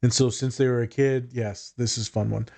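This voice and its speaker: A man's voice: medium pitch, steady tone, moderate pace, gravelly, mellow, no echo. Laid-back man teacher, dry close sound. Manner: laid-back, swears freely, acts out quotes. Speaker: podcast co-host and teacher. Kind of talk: casual chat.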